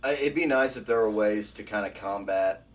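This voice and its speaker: Low voice dude on a gaming podcast, chill, kinda far from the mic. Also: male voice, normal speed. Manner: relaxed, swearing, earnest opinions. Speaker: podcast co-host. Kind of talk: casual gaming chat. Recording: voice set back from the mic.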